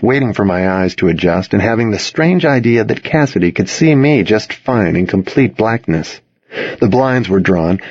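A man with a low, slightly husky voice tells a first-person story in an intimate, expressive way. His pitch moves freely through the lines. The recording is dry, with no room sound, and a little dull and muffled. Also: no room sound. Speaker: audiobook narrator. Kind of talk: first-person audiobook narration.

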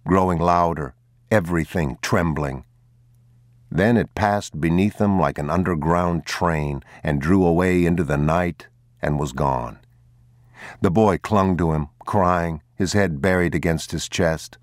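A man reading a novel aloud in a grave, measured audiobook narration. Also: low-pitched, no echo, clean studio sound.

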